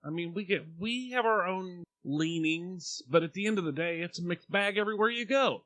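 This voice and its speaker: Blunt Oklahoma man, higher voice. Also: moderate pace, fairly bright tone, no room sound. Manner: blunt, dry, matter-of-fact. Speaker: podcast co-host. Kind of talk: casual chat.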